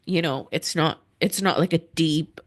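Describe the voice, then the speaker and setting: A woman's voice: sits low, normal speed. A young woman hosting a spiritual podcast, talking casually and heartfelt, full of "like" and "you know". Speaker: podcast host.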